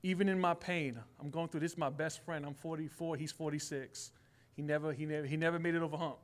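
A man's voice: fairly high pitch, fairly even intonation, fairly quick. Man in his forties, heartfelt testimony. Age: 40s. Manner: heartfelt, casual street speech, grows emphatic. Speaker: church member sharing a testimony. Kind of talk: personal testimony.

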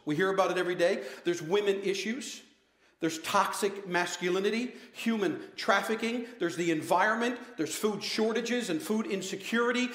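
High-voiced preacher in an echoey hall. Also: male voice, fairly bright tone. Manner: passionate, rhetorical questions, appeals to congregation. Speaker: pastor. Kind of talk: sermon.

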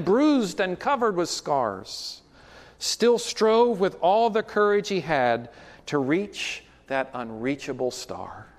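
A man's voice: high voice, long reverb tail. A man preaching a sermon as pastor, in a conversational way with frequent asides to the congregation.

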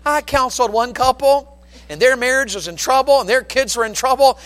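A man preaching a sermon from the pulpit, telling folksy stories in an animated, down-home way. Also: very high-pitched, fairly quick, clean tone, in a large hall. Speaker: pastor. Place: church sanctuary with long reverb. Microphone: pulpit microphone.

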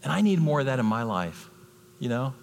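In a church sanctuary with long hall reverb, a man in his fifties preaches as a guest speaker in a mid-range, fairly quick voice with vocal fry. He tells stories animatedly and acts out the voices of characters.

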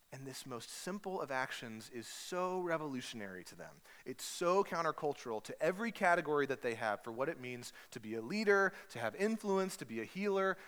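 A male pastor tells a story in his sermon, playfully acting out the people in it. His voice is bright and forceful. The sound carries a long church-hall reverb. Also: mid-range voice. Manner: storytelling, animated, acts out voices with humor.

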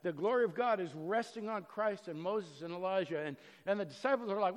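Pastor, male, high voice, earnest sermon delivery with loud and hushed stretches, church hall reverb. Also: normal speed, few pauses. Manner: earnest, swings from loud emphasis to soft and low.

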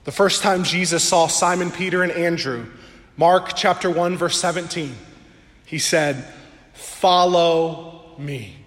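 Earnest male pastor, high voice, sermon in a church with long ringing reverb. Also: steady tone, a bit bright. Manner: earnest, draws out key words slowly for emphasis. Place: church sanctuary before a congregation. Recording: echoey hall with long reverb.

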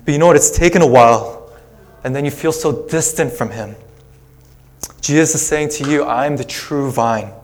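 A man's voice: a little high, normal speed, long pauses. Man preaching a casual storytelling sermon. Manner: conversational storytelling with casual asides. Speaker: pastor.

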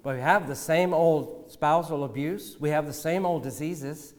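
A man preaching a sermon as pastor, measured and deliberate, often asking rhetorical questions. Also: on the high side, in a large hall.

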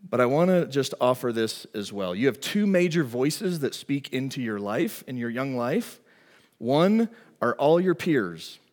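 Pastor preaching in a reverberant hall. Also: male voice, medium pitch. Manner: storytelling, animated and emphatic. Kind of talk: sermon.

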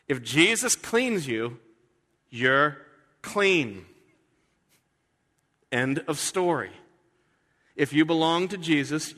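A man's voice: mid-range voice, fairly bright tone. Earnest male preacher in a reverberant hall. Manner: conversational and earnest, with frequent restarts. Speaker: pastor. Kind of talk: sermon.

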